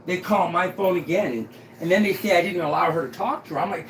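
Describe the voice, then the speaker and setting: High-voiced man rambling on in an echoey room. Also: fast talker, slight background noise. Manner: rambling, keeps asking "right?". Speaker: resident complaining to a sheriff. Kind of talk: rambling complaint in a meeting.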